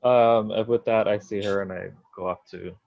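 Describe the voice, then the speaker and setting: A man's voice: lowish voice, fairly even intonation, moderate pace, vocal fry, muffled recording. A man playing a tabletop game, describing his character's actions hesitantly with uhs and ums. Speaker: player.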